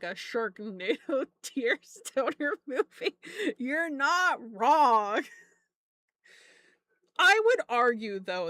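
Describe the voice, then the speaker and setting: A woman's voice: mid-range voice, a bit bright, no echo. A young adult woman streamer chatting casually, rambling through stories and laughing often, with frequent swearing.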